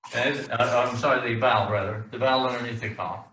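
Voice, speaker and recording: A man teaching a class, his speech halting and full of restarts with the odd joke. His voice is bright and forceful. He sounds set back from the mic in an echoey room. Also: medium pitch, steady tone, recorded from a distance, a little hiss or hum. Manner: halting, many restarts and fillers, joking. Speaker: Hebrew teacher.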